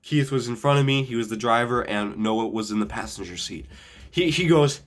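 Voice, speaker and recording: A man's voice: medium pitch, animated, moderate pace. Young guy rambling thru a story, lots of swearing and restarts, normal mid voice. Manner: rambling, swears often, frequent restarts and fillers. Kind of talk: casual anecdote.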